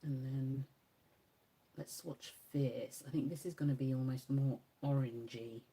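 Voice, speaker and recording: A woman's voice: extremely low pitch, fairly even intonation, a little slow, warm tone, breathy edge. A woman beauty creator chatting casually through a makeup swatch demo, musing aloud and correcting herself as she goes.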